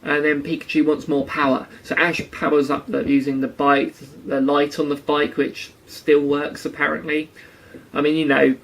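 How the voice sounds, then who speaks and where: A man's voice: fairly high pitch, flat delivery, moderate pace, gravelly, fairly bright tone, rough recording. A man giving sarcastic casual commentary on a cartoon episode. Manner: sarcastic, acts out quotes in silly voices. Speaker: anime reviewer.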